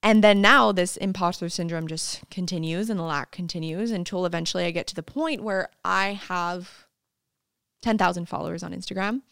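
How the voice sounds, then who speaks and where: A woman's voice: fairly low pitch, moderate pace, vocal fry, a bit bright, clean tone, no echo, studio quality. A woman guest on a podcast, chatting casually and laughing as she acts out what people said to her. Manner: bubbly, laughing, acts out quotes in voices. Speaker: podcast guest, fitness coach. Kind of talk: casual interview chat.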